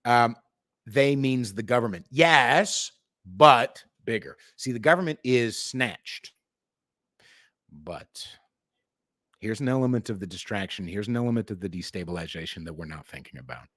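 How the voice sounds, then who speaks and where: Middle-aged male podcast host, lively swinging pitch, dry close sound, sarcastic and profane. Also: normal speed, no room sound. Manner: animated, sarcastic, mocks others in put-on voices, swears a lot. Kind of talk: profane political rant.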